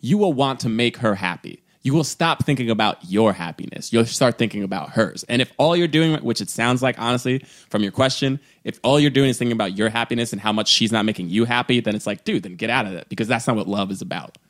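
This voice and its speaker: A man's voice: medium pitch, fast, few pauses. Earnest man giving advice. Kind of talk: casual podcast chat.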